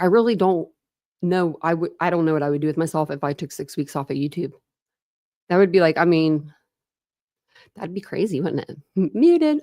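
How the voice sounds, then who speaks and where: This chatty thirty-something woman hosts a true crime livestream, calling out viewers by name and laughing frequently. Her slightly low voice is a little mellow, captured in a dry, close-sounding recording.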